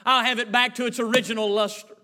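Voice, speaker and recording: A man's voice: very high voice, little pitch movement, fast. A man voicing a tearful, determined old man talking about his long-lost car. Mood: tender. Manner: hushed, emotional, determined.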